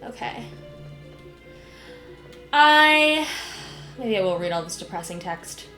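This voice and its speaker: Young woman streamer rambling over her game, lively pitch, roomy echo, game music in background. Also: slow, pauses often. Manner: chatty, emotional, with many fillers and soft laughs. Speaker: gaming streamer. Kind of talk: casual let's-play commentary. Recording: echoey room, game music behind.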